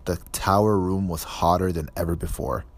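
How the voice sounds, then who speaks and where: A man reading a storybook aloud in steady, measured scripted narration. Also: sits low. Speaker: audiobook narrator.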